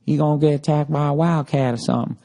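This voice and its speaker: A man's voice: fairly high pitch, steady tone, quick pace, creaky, mellow. A man voicing a fussy, overly polite hotel clerk lady with an exaggerated, drawling Southern accent. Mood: fretful.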